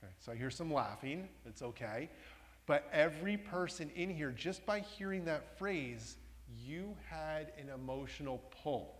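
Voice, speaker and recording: A man's voice: on the high side, lively intonation, unhurried. A man giving an interactive workshop talk to a live audience, often putting questions to them. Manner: engaging, asks the audience questions. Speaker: workshop presenter. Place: large meeting room with a masked audience. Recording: long reverb from a hall.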